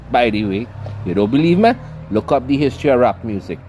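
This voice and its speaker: A man's voice: medium pitch, lively intonation, a little fast, mellow. A man giving a scolding, preacherly commentary rant. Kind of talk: ranting commentary monologue.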